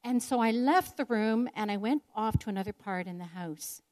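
A woman's voice: mid-range voice, normal speed, darkish tone. Older woman telling a reflective story. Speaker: speaker sharing a personal story. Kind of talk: personal devotional talk.

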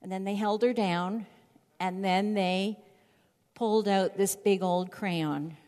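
A middle-aged woman giving Bible teaching, reading scripture aloud and telling stories in an expressive way. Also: mid-range voice, takes it slowly. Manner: expressive, storytelling delivery. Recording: long hall reverb.

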